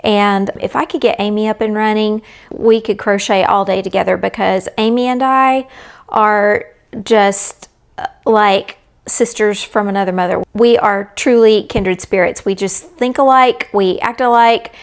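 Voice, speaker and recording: A woman's voice: medium pitch, steady tone, unhurried, clean tone. Chatty woman vlogging. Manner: rambling, friendly, talks straight to viewers. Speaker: crochet vlogger. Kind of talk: casual chatty vlog.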